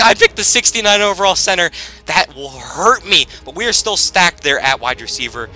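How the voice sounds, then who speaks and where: A man giving casual, rambling gameplay commentary as he plays, with sudden loud bursts of hype. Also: high-pitched, a little fast. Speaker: gaming commentator.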